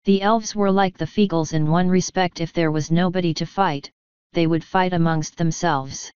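Woman, audiobook narration, measured, very dry sound, dull lo-fi recording. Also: fairly low pitch, steady tone, darkish tone, clean tone, no echo.

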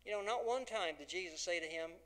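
A man's voice: high-pitched, quick pace, fairly bright tone. A man preaching a folksy, dramatic sermon as pastor, acting out the dialogue of the scripture.

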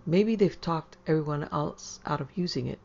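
A woman reading the lines of a proud, brisk city wife who has moved to the country, in a prim, commanding manner. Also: low voice, creaky, darkish tone. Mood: musing, proud. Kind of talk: audiobook character voice. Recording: slightly dull lo-fi audio.

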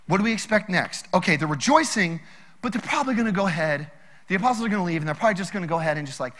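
A young man with a high, bright voice preaches a sermon in a hall where his words ring on. He tells his stories with energy and plays out quotes from the people in them. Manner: animated storytelling with acted-out quotes. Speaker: pastor.

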